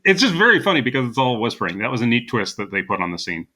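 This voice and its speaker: A man co-hosting a podcast, retelling movie scenes in a casual, animated way with frequent laughter. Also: mid-range voice, racing. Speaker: podcast co-host.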